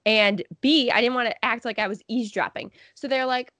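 A woman's voice: fairly high pitch, fairly quick, dry recording. A woman co-hosting a podcast, telling stories in casual chat and acting out what other people said, laughing often. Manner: animated storytelling, acts out other people's lines. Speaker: podcast co-host.

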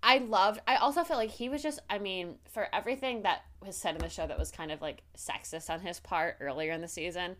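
A young woman co-hosting a podcast, chatting in an animated way and swearing freely. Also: mid-range voice, a little fast, few pauses. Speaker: podcast co-host. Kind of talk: casual chat.

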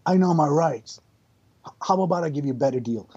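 A man's voice: on the high side, fairly quick, warm tone, husky, dull audio. A man doing a drawling laid-back movie-star impression. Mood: defiant.

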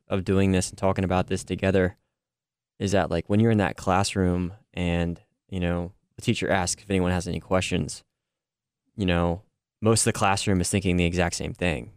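Podcast co-host, man; very low, smooth voice, halting and thoughtful, dry mic. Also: no echo. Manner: hesitant, restarts, reflective. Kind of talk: casual conversation on a podcast.

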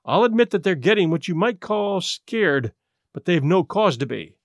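A blunt doctor, played by a man in an audiobook, folksy and dismissive. His voice is lower than the reader's own and dry. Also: sing-song, moderate pace, no room sound, full character voice. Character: blunt middle-aged male American doctor. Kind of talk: audiobook character voice.

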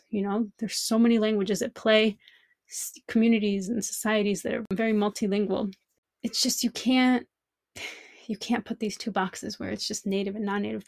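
A woman's voice: mid-range voice, gravelly, a little mellow, no echo. A woman language teacher hosting a podcast, thinking aloud in a reflective monologue full of rhetorical questions.

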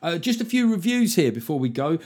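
A man's voice: a little high, big pitch swings, brisk, darkish tone. Sweary, jokey male podcast host. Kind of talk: casual chat.

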